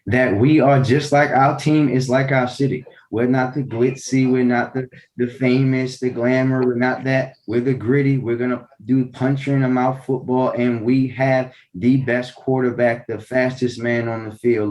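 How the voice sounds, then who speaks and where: A man's voice: medium pitch, fairly even intonation, normal speed, darkish tone. A man answering interview questions with proud, combative, playful trash talk about his city. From Baltimore. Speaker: big-city mayor, interviewee. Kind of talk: boastful interview banter.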